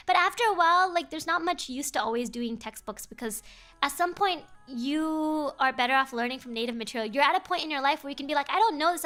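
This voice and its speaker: A woman's voice: high-pitched, fairly bright tone. A chatty young woman streaming a casual chat, laughing often and switching between English and Japanese.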